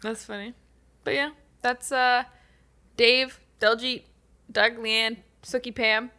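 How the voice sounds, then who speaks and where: A woman's voice: fairly high pitch, flat delivery, takes it slowly, sharp tone. A woman co-hosting a casual chat, teasing her partner in a chatty way and laughing along. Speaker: podcast co-host.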